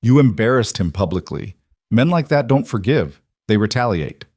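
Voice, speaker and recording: A man doing a blunt, seasoned woman lawyer in a storybook reading, brisk and firm as she spells out threats. Her voice sits low and dry, close to the mic. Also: lively intonation, darkish tone, no room sound.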